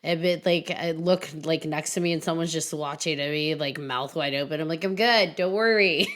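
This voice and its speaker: Woman host, lowish voice, giggly and chatty, keeps laughing between stories. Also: moderate pace, slight background noise. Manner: giggly, chatty, animated storyteller. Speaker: podcast host. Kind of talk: casual chat. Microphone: livestream video call.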